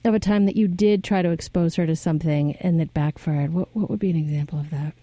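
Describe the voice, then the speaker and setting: A woman interviewer who talks thoughtfully and probes gently with casual fillers. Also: deep voice, fairly even intonation, fast talker. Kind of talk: reflective interview questions.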